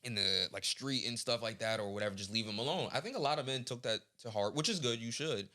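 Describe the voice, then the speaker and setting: A man's voice: medium pitch, fast talker, bright, forceful tone. A young man with a stuffy nose, co-hosting a podcast and telling stories in loose, slangy, profane chat. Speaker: podcast co-host.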